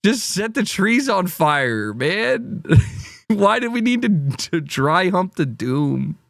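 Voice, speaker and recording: Male streamer, slightly high voice, rambling and profane, dry sound. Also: very animated, takes it slowly, gravelly, fairly bright tone, dry recording. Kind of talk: casual reaction commentary.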